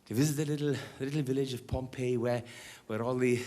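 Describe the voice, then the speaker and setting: A man's voice: medium pitch, fairly even intonation, fast, dark tone. A Welsh man telling rambling anecdotes between songs on a concert stage, with frequent restarts. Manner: chatty, rambling, restarts often. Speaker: singer and storyteller on stage. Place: concert stage before an audience. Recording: live hall reverb with music.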